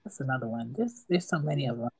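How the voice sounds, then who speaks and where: A woman co-hosting a casual chat, talking in an animated, slangy way and quoting phrases. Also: a bass voice, slightly rough, no room sound. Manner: animated, slangy, jumps in with quick quotes. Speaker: podcast co-host.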